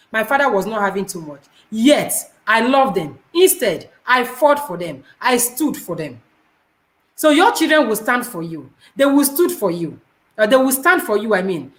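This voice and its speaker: A middle-aged woman talks to her live viewers, earnest and preachy, with pidgin phrases slipping in. Her voice sits high. The room around her rings with echo. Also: a bit bright. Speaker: host of a live video. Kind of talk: live-stream chat, giving advice.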